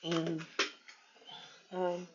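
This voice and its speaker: A woman talking slowly and haltingly in a personal monologue, moving between hurt and defiance while reading tarot cards. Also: lowish voice, completely flat delivery, background noise. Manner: slow, halting, with many restarts and pauses; pained and defiant in turns. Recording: dull lo-fi recording.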